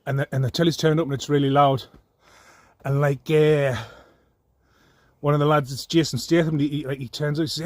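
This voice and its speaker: A man's voice: fairly high pitch, moderate pace, no echo, studio quality. Ranting, profane man. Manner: ranting, profane, mocking, laughs often. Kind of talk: angry monologue to camera.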